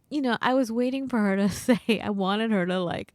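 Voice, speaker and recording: Her voice runs on the high side and moves at a moderate clip, recorded dry. This podcast co-host chats casually and brings her stories to life by acting out what others said.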